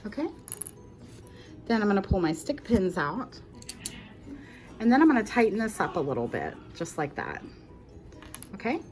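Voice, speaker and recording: Lady talking thru a crochet project step by step, chatty and easygoing, soft music in the background. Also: medium pitch, big pitch swings, normal speed, pauses often. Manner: chatty, self-correcting, reassuring. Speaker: crochet tutorial host. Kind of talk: casual step-by-step craft tutorial.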